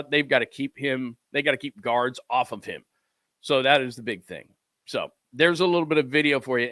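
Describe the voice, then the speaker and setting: A man's voice: mid-range voice, pushed and bright, no room sound. A man hosting a sports show, casually commenting over video clips, rambling as he fumbles with his files and mimics the people he describes.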